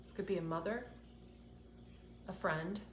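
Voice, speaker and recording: A woman giving an intuitive card reading, speaking softly and earnestly while on the edge of tears. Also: on the low side, measured pace, reverberant, a little hiss or hum. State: tearful, close to crying. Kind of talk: tarot-style card reading to camera.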